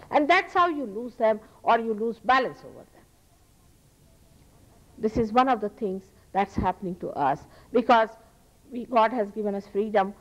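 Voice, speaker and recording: A spiritual teacher with an Indian accent and a mid-range voice lectures an audience in this low-quality archival recording. She speaks earnestly and emphatically, repeating phrases to stress them.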